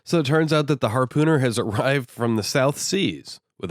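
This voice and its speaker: A man's voice: mid-range voice, sing-song, normal speed, few pauses, no echo, clean studio sound. A man casually retelling a novel in an irreverent, sardonic way, swearing freely. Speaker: host, book reviewer. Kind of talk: casual profane book retelling.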